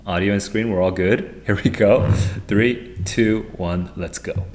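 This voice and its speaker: A man streaming live as an SAT tutor, thinking aloud in an excitable, rambling way as he walks through test questions at his computer. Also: lowish voice, unhurried, slight background noise.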